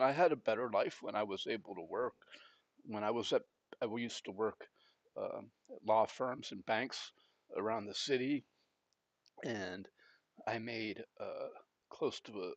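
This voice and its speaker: A man's voice: fairly low pitch, no echo. A man chatting casually while playing a video game, rambling and frank and audibly out of breath. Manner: rambling and frank, with frequent fillers and restarts. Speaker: gaming channel host.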